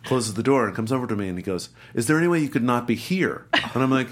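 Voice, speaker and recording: Talking fast with hardly any pauses, this middle-aged man has a mid-range voice. As a guest actor sharing a casual story, he plays up the characters, mimicking their voices and accents with lively energy.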